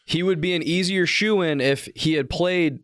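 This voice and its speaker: A man's voice: on the high side, a little slow, fairly bright tone, dry recording, clean studio sound. A man co-hosting a sports radio show, adding short remarks and agreement in casual talk. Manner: brief agreeing interjections.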